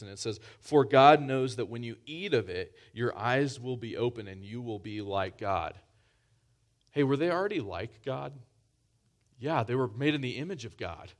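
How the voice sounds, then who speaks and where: A man preaching a sermon in a conversational way, often restarting phrases and pushing up for emphasis. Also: medium pitch.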